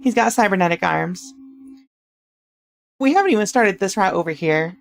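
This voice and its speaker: A woman's voice: medium pitch, expressive, normal speed, creaky, soft background music. A woman streamer chatting casually with her viewers during a live game stream.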